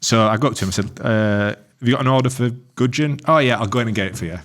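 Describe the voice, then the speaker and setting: A man's voice: mid-range voice, fast talker, fairly bright tone. A man, co-hosting a casual podcast, telling a story with plenty of swearing and acting out what each person said. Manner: sweary storytelling, acts out both sides. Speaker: podcast co-host. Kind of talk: casual chat.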